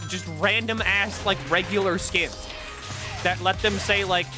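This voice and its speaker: A man streaming a video game, giving profane, animated commentary while he plays. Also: high voice, measured pace. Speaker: gaming streamer. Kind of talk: live-stream gameplay commentary. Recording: game music behind the voice.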